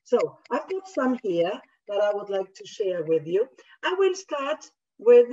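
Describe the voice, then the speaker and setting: Animated woman educator reading picture books aloud. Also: mid-range voice, a little slow, a little hiss or hum. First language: not English. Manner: animated, expressive storyteller. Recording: distant, dull lo-fi.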